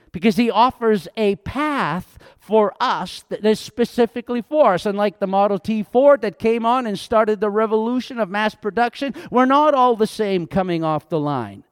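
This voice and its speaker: Male pastor, middle-aged, very high voice, dry close sound, earnest conversational sermon. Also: clean tone, no echo. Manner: earnest, conversational preaching with emphatic outbursts.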